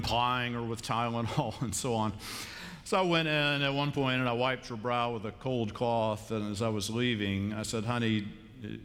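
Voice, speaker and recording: A middle-aged man preaching a sermon in a large church, telling stories in a conversational way and moving between hushed tones and animated bursts. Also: mid-range voice. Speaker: pastor. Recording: long church-hall reverb.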